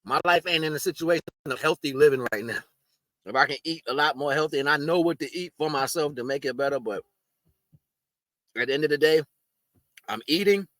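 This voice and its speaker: A man's voice: medium pitch, a bit bright, dry recording. A man talking casually to camera, giving blunt, streetwise spiritual advice and eating while he talks. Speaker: spiritual video host.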